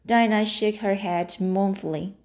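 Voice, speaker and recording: A woman reads a novel aloud at an unhurried, careful pace. She halts often, repeating and restarting words she trips over. Her pitch sits in an ordinary middle range. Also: steady tone, darkish tone. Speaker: reader.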